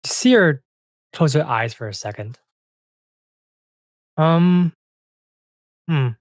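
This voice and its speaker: Gm narrating a tabletop game, kinda halting, lots of fillers, no echo. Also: medium pitch, sing-song. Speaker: game master.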